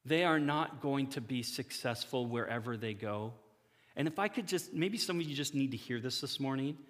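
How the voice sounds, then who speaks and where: A man's voice: medium pitch, expressive, fairly bright tone. Man preaching in a reverberant hall. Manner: conversational preaching, acting out dialogues in quick asides. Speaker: pastor. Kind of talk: sermon.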